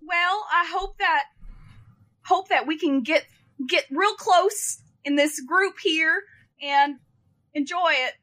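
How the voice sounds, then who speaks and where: A folksy middle-aged woman from the local art scene speaks in a Minnesotan accent, voiced by a woman player. Her voice sits high and bright, and she talks slowly and hesitantly. She comes across friendly and homey in a tabletop game podcast. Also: exaggerated voice.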